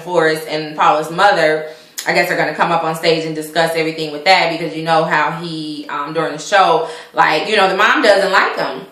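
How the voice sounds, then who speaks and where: A woman's voice: mid-range voice, pushed and bright, roomy sound. A woman vlogger giving a casual, opinionated recap of a reality show, chatty and indignant, with many fillers and restarts.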